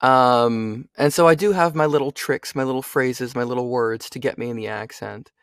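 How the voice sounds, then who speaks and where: A man's voice: medium pitch, normal speed, smooth, dry recording, studio quality. A young man, a voice actor and audiobook narrator, chatting loosely in an interview and often asking "you know what I mean?". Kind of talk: casual interview chat.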